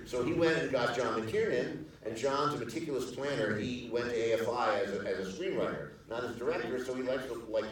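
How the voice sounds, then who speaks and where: A man's voice: medium pitch, brisk, few pauses. An older man spins long, rambling anecdotes on a theater stage, stumbling through restarts and fillers and slipping into other people's voices when he quotes them. His voice sits in an ordinary middle register and rings around a big, echoey hall, picked up from a distance. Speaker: screenwriter and producer guest on a panel. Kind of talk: storytelling anecdotes at a live Q&A. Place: theater stage in front of an audience.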